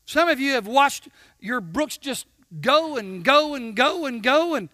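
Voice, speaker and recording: A man preaching a sermon, swinging from shouts to hushed tones and acting out little dialogues with God. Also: extremely high pitch, expressive, measured pace, no room sound, studio quality. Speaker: pastor.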